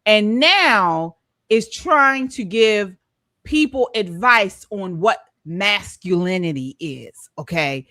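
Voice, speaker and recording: A woman's voice: mid-range voice, expressive, slow, pushed and bright, dry recording. A middle-aged woman hosting a casual commentary chat, earnest and often restarting her sentences. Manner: earnest, many restarts and repeated words. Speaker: host.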